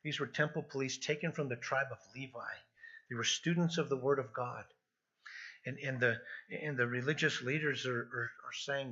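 Middle-aged male pastor, bright husky tone, earnest sermon delivery, dull lo-fi recording. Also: mid-range voice, steady tone, moderate pace. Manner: earnest, repeats words when emphasizing. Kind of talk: expository sermon. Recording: dull lo-fi sound.

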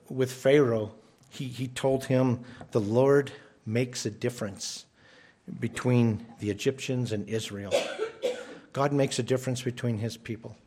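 Male pastor, sermon, emphatic, restarts phrases, mid-pitched voice. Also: mellow. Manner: emphatic, repeats words when starting phrases.

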